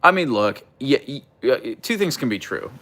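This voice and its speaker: A man hosting a casual livestream, playfully talking to his husky and reading chat, his pitch jumping up when he baby-talks the dog. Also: big pitch swings, normal speed, fairly bright tone. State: sleep-deprived. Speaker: livestream host with pet huskies.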